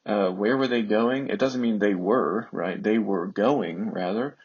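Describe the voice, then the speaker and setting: A man teaching ancient Greek in an unhurried way, often pausing with fillers. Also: on the low side, breathy edge, highs cut off. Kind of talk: slow explanatory lesson.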